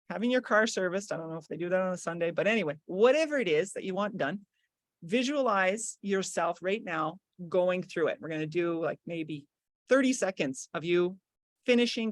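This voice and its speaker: A middle-aged woman leading a guided visualization on a group video call, lively and coaching, swinging between bubbly and hushed. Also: lowish voice, no room sound. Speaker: workshop guest leading the call.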